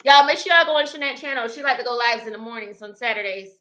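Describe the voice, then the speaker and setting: A woman's voice: on the high side, quick pace, sharp tone, muffled recording. A young adult woman, hosting a casual livestream, reading the chat and laughing often as she talks to viewers.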